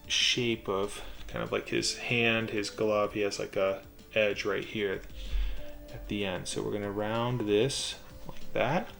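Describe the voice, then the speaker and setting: A man with a fairly low voice and a gravelly edge talks through a drawing tutorial. His delivery is calm and methodical, and he describes each line as he draws it. Faint music plays underneath. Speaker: drawing instructor.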